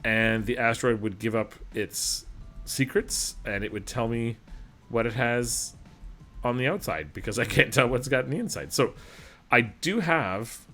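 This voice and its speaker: A man from Alberta, Canada, chats through a gameplay session at his desk mic. He rambles and pokes fun at himself, and his voice sits a little low. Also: a bit bright. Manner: rambling, self-deprecating, chatty. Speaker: gaming channel host. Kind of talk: casual gameplay commentary.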